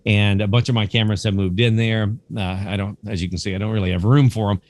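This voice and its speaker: A man in middle age tells his stories in a casual, animated way, slipping into the voices of the people in them. His voice sits on the low side. The sound is dry and close, with no room echo. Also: fast. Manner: lively anecdotes, acting out quoted dialogue, casual swearing. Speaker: guest, camera museum curator. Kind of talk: conversational storytelling.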